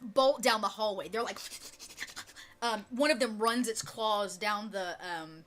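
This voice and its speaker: A woman's voice: mid-range voice, unhurried, fairly bright tone, soft background music. A woman narrating as game master of a live-streamed tabletop game on an online voice call, loose and chatty with fillers.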